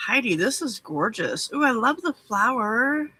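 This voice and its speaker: A woman hosts a cozy late-night crafting stream from her home craft room. Her voice is bright with a breathy, husky edge. She chats casually, welcomes viewers by name and pokes fun at herself. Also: mid-range voice, lively intonation, fairly quick, rough recording. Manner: chatty, greets viewers by name, self-deprecating. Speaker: livestream craft host.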